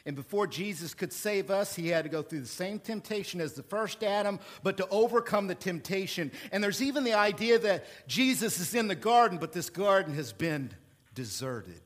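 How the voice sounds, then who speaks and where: A male pastor preaching a sermon in an animated, playful way, with sudden jumps in pitch and volume. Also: moderate pace.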